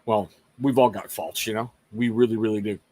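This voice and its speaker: A man's voice: lowish voice, fairly even intonation, a little fast, dark tone, no room sound. A middle-aged man from Washington State hosting a casual live talk show, speaking earnestly to viewers with rambling, self-mocking asides. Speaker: livestream host.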